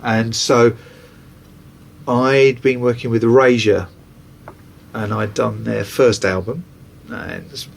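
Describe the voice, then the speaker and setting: A man's voice: medium pitch, steady tone, slow, creaky, long pauses, slight background noise. A man, a record producer, casually telling anecdotes in an interview and acting out other people's voices.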